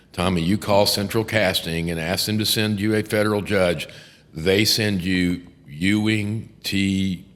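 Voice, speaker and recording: Low-voiced profane trial lawyer storyteller. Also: male voice, in a large hall. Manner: profane, animated storyteller who acts out courtroom voices. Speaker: criminal defense attorney, podcast host. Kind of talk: casual storytelling chat.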